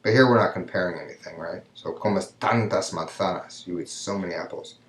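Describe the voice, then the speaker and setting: A man with a very low voice gives a recorded grammar lesson, taking it step by step. He keeps checking in with "right?" as he explains. His voice carries a noticeable room echo. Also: quick pace, a bit bright. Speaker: Spanish teacher. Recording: echoey room.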